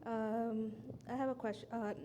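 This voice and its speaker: A woman's voice: fairly high pitch, level tone, normal speed, warm tone, a little hiss or hum. A woman in the audience asking an earnest, hesitant question with many fillers. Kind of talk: question from the floor.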